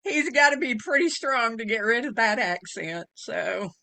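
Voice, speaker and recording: A woman's voice: fairly high pitch, expressive, moderate pace, creaky, sharp tone. A woman co-hosting a casual chat, teasing and laughing easily.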